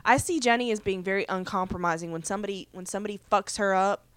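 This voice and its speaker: Woman podcast co-host, stuffy, animated and chatty, dry close mic. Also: medium pitch, quick pace, smooth, no echo. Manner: chatty, animated, lots of fillers. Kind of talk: casual chat recapping a TV episode.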